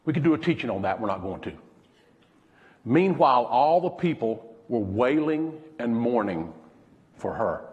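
A man preaching a sermon as pastor, pausing dramatically and dropping to a hush when he quotes someone. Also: medium pitch, very animated, in a large hall, dull audio.

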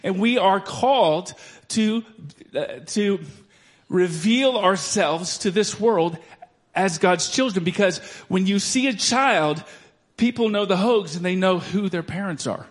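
A man preaching a sermon, swinging from loud declarations to soft storytelling. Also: high voice, moderate pace. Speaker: pastor.

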